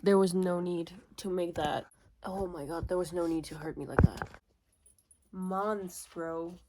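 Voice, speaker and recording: A woman's voice: lowish voice, steady tone, a little slow, very noisy. Swearing, emotional young woman vlogger. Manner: emotional, swearing, swings between loud outbursts and muttering. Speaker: book vlogger. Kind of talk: casual reading vlog reaction.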